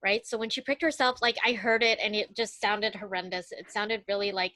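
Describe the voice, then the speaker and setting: A woman co-hosting a podcast, telling stories in expressive casual chat. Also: medium pitch, brisk, no room sound. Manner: expressive storytelling, rises sharply when excited. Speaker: podcast co-host.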